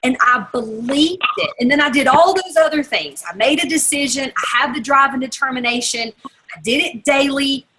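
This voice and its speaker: A woman's voice: sits high, moderate pace, slight background noise, rough recording. A woman giving an emphatic, motivational talk as a guest speaker on a team call. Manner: energetic, emphatic, repeating for effect.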